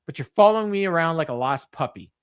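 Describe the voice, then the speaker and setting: A man putting on a cocky, mocking male wrestling villain who shouts loud insults. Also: a little high, expressive, fast talker, clear, resonant tone, no echo, clean studio sound, voice pushed up.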